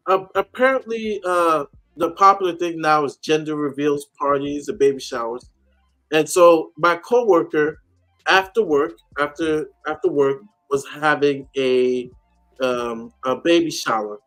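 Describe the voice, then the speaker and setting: A man's voice: on the high side, bright, forceful tone. A man chatting casually on a call-in show, telling a story animatedly and acting out the people he quotes. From United States.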